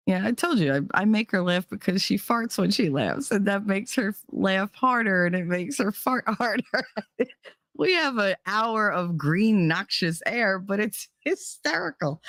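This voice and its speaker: A woman's voice: medium pitch, no echo, studio quality. Blunt middle-aged New Jersey woman. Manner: blunt, swears freely, animated. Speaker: podcast host, parent. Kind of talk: casual candid talk.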